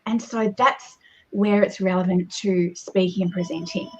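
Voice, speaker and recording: Husky woman telling stories. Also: on the low side, moderate pace, soft background music. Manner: animated storyteller, lively shifts in pace and loudness. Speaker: guest, presentation coach. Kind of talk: conversational advice. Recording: dull, muffled lo-fi audio.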